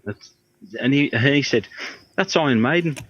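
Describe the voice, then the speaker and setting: A middle-aged Birmingham man, a guitar tech appearing as a guest, rambles through anecdotes in a casual storytelling interview and acts out the voices of the people he quotes. His voice is medium in pitch, a little slow, fairly bright and slightly rough. The audio is dry and slightly dull.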